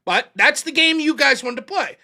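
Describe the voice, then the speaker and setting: A man's voice: very high-pitched, expressive, normal speed, bright, forceful tone. A man hosting a live-streamed talk show in casual, profane chat, often mimicking other people in mocking voices. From United States. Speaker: show host. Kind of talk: casual livestream debate chat.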